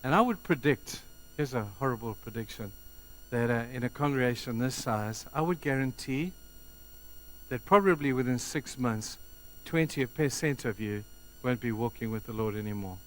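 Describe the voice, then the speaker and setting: A man's voice: mid-range voice, moderate pace. Man preaching a passionate sermon. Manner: impassioned, acts out quoted voices. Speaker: pastor. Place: church hall before a congregation.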